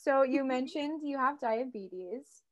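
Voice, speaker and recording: A woman's voice: high voice, animated, slow pace, muffled recording. A woman hosting a podcast, asking easygoing questions with brief interjections. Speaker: podcast host.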